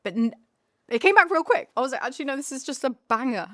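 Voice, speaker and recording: A woman, chatting in an interview, lively and emotional, laughing and tearing up easily. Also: fairly high pitch, no room sound, clean studio sound. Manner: animated, emotional, quick to laugh and tear up. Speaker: actor guest. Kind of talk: casual interview chat.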